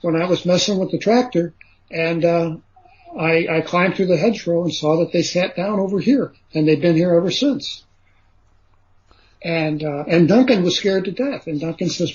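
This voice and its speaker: Man, interview guest, fairly high voice, rambling storyteller, lots of fillers, dull lo-fi radio sound. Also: moderate pace, darkish tone. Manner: rambling, full of fillers and "he says" asides. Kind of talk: recounting a story in conversation.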